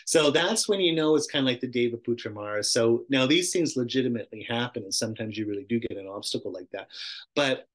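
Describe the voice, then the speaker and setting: A middle-aged man gives a casual dharma talk while teaching a meditation class, chatting, interrupting himself, laughing often and acting out little voices. He speaks fast, with a medium pitch and lively intonation.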